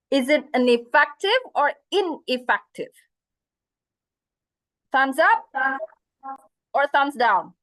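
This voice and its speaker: A woman's voice: sits high, big pitch swings, slow pace, long pauses, a bit bright. A woman lecturing an online class, asking students questions and mixing in phrases. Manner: interactive, asks questions, switches into Indonesian phrases. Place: video call.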